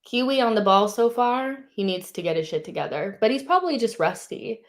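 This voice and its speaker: A woman hosting a live football watchalong, chatting casually and shouting with excitement when her team does well. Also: on the high side, fairly quick. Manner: excitable, shouts at big moments, swears casually. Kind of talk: live match commentary with viewers.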